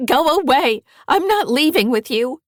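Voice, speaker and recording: A woman voicing a frightened, defiant teenage girl who pleads in a high, loud voice. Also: lively intonation, moderate pace, no room sound, studio quality. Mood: pleading.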